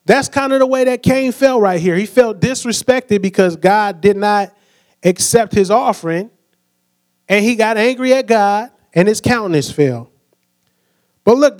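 A man preaching a sermon in a relaxed, conversational way, often asking his listeners questions and acting out quotes. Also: high-pitched.

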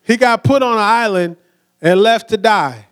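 A man's voice: high-pitched, lively intonation, moderate pace, fairly bright tone. A young man preaching a sermon with energy, acting out quoted voices and asking the crowd to say words back.

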